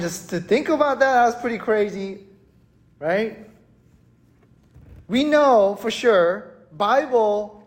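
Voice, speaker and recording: A preacher gives a relaxed, conversational sermon at an unhurried pace. The delivery is animated and talky, and the speaker keeps turning to the listeners for agreement. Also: medium pitch. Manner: animated, chatty, keeps asking "right?". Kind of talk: casual conversational sermon storytelling. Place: church worship service.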